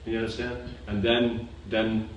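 A man's voice: on the low side, flat delivery, unhurried, distant mic, lo-fi sound. A man teaching a scripture class, explaining patiently and often checking that his listeners understand. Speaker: spiritual teacher. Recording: echoey room recorded from afar with background noise.

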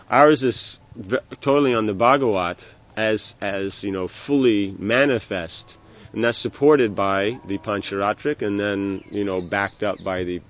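A man giving an informal religious lecture as a spiritual teacher, talking in a halting way with many restarts and "you know". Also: fairly low pitch, lo-fi sound.

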